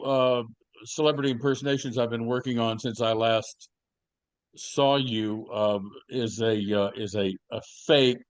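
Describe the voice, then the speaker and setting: A man's voice: on the low side, dry recording. A man co-hosting a podcast, chatting casually and telling rambling stories with plenty of fillers and restarts. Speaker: podcast co-host. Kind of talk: casual chat.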